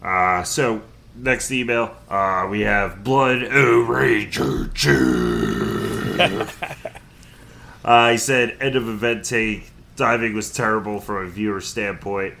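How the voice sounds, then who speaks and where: A man in a low register hosts a laid-back podcast, reading out listener emails between little jokes. His voice is bright and forward, and a faint background hiss sits under it. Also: fairly even intonation, measured pace. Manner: reads emails aloud with fillers and jokes. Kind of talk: casual podcast chat.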